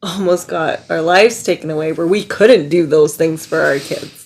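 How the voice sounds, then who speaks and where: Low, husky-voiced woman co-host. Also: normal speed. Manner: supportive listener, frequent murmured agreement. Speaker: podcast co-host. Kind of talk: casual chat.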